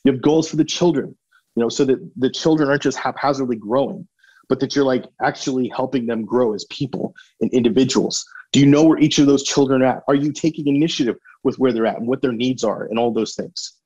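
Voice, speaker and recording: A man's voice: mid-range voice, quick pace, dark tone, lo-fi sound. A man hosting a motivational podcast, talking directly and emphatically and firing questions at the listener. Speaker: podcast host, marriage coach.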